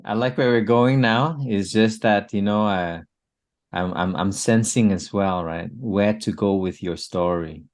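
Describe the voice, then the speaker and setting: A man hosting a conversational interview, affirming his guest often with quiet yeses and murmurs. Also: on the low side, measured pace. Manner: affirming, frequent yes and mm. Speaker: podcast host and interviewer.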